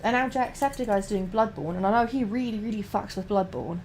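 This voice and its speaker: A woman's voice: medium pitch, a little fast, darkish tone, slight background noise. A young adult woman streamer, chatting casually and rambling while painting miniatures, swearing a lot and restarting her sentences.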